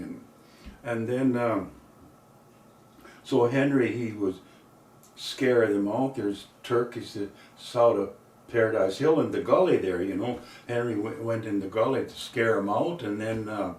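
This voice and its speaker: A man's voice: fairly low pitch, darkish tone, roomy sound, distant mic. Older man telling a rambling folksy tale. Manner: unhurried, full of "you know" and "uh". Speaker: storyteller and singer.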